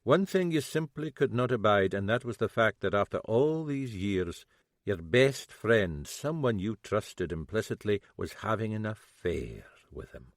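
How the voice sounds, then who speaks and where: A male narrator voicing a shrewd middle-aged Scottish detective who toys with a suspect. His Scottish-accented voice moves slowly and needles, with a lively, varied pitch. The sound is close and dry. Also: no echo. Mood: needling. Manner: slow, needling, toying.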